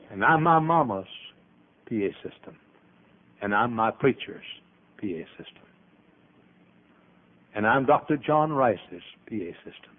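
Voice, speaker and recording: An older man preaching a sermon as pastor, emphatic, with sudden loud rises and trailing, dropped endings. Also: lowish voice. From American. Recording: tinny phone-like archival audio.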